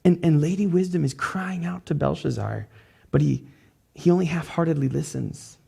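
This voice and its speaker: A man preaching a sermon in a relaxed, conversational way. His voice is dark and gravelly, with a husky edge. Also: on the high side, moderate pace. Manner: conversational, loose with "like" fillers. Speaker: pastor.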